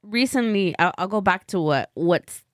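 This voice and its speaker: A woman in relaxed podcast chat who rambles and acts out her own lines in stories. Her pitch sits in the middle range for a woman. The sound is dry and close. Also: normal speed, no room sound. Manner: rambling, quoting herself in stories.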